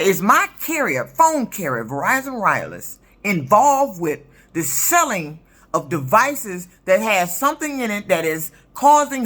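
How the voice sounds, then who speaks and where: A woman's voice: medium pitch, a bit bright. A woman in her fifties, a truck driver, telling a story in an indignant, profane, emphatic rant for her vlog. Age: 50s.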